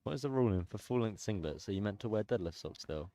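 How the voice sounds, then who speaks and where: A man with a very deep voice co-commentates on powerlifting. He sounds relaxed and easygoing, dropping quick asides as he calls the lifts. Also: dry recording. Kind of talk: live sports commentary, casual chat.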